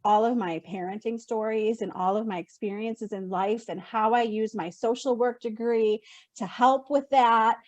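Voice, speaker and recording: A woman's voice: a little high, fairly even intonation, moderate pace, a little mellow, no room sound, dull audio. A woman hosting a podcast, encouraging and emotional, reacting with short interjections. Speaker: podcast host. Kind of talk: casual interview chat.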